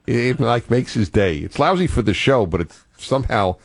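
A man's voice: medium pitch, animated, normal speed, vocal fry. An older man hosting a call-in radio talk show, thoughtful and digressive, often restarting his sentences.

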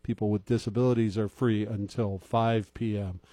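A man's voice: lowish voice, flat delivery, moderate pace, mellow, dry recording. A man anchoring local radio news, then chatting easily in the studio, often chuckling and trailing off. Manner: easygoing, chuckles often, trails off mid-sentence. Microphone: studio microphone.

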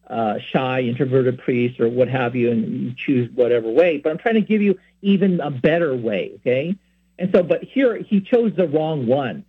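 A fairly high, slightly rough voice belongs to a man from San Francisco who hosts a Catholic program. His informal teaching and personal storytelling are earnest and wandering, with plenty of asides. The recording has a tinny, telephone quality.

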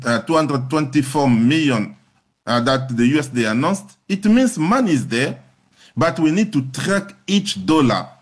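Earnest man explaining in an interview. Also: a little high. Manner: earnest, emphatic, repeating phrases in lists. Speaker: public health agency head. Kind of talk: broadcast interview answers.

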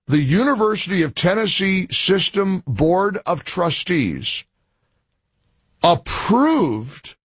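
Indignant man with a husky, slow delivery. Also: mid-range voice, dry recording. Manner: emphatic, builds in repeated phrases and pauses. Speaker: political commentary host. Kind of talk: opinion commentary monologue.

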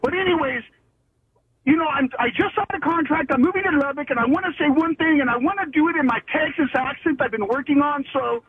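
Very high-voiced man on a tinny phone. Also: fast talker, crowd noise. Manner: rambling, scattered. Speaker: caller. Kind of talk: call-in radio talk. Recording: tinny phone line with faint hiss.

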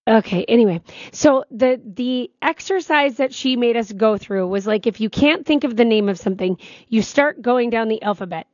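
A chatty woman co-host telling stories with an easy, lively flow. Her voice is dry and close, with a slightly dull, muffled tone. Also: fairly high pitch, moderate pace, dry recording. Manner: chatty, storytelling, animated. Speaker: radio co-host. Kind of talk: casual on-air chat.

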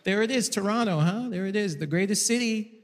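A man's voice: high-pitched, a little fast. A man doing stand-up, bantering brashly with the crowd from a stage. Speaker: stand-up comedian. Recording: distant live hall with crowd.

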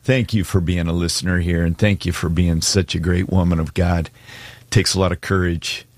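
A man hosting a Christian call-in radio show, affirming callers warmly. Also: low-pitched, level tone, normal speed, no room sound. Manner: warm, affirming responses to callers.

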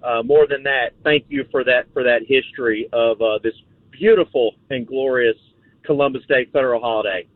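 A man's voice: medium pitch, normal speed, no echo. A male caller on the phone, polite and wry as he plays a radio game. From Ireland heritage. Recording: tinny phone line.

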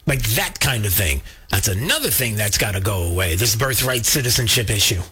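A husky, lowish male voice comes across expressive, pushed and bright, and a little fast. He hosts a political talk radio show from a studio, fired up and emphatic as he speaks directly to his co-host and his listeners.

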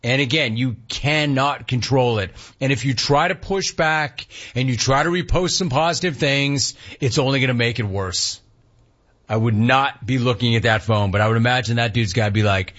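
A man's voice: medium pitch, expressive, moderate pace, a bit bright. A man hosting a sports talk radio show, delivering a punchy, emphatic monologue and repeating lines for effect. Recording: muffled broadcast audio with faint music.

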